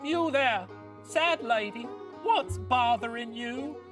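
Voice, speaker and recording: A man's voice: very high voice, animated, slow, over music, exaggerated voice. A man voicing a prim, prying society wife who coaxes secrets out of a friend in a theatrical way.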